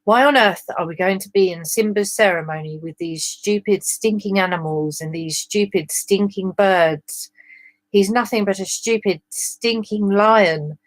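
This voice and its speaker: A British woman voicing a grumpy old man disguised as an elephant in a read-aloud fan story, slow and insolent. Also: medium pitch, no echo, close to an everyday voice. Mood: scornful.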